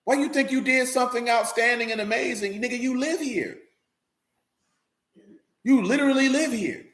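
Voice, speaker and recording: A man's voice: very high voice, moderate pace, a bit bright. Blunt, streetwise man preaching casually. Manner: blunt, streetwise, keeps asking if listeners follow. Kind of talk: casual conversational sermon. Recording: roomy echo.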